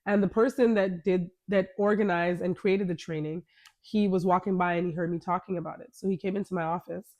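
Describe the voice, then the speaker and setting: A woman's voice: on the low side, steady tone, fairly quick, a little mellow. A woman hosting her podcast, candidly telling a personal story in a conversational way and retelling the dialogue. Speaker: podcast host.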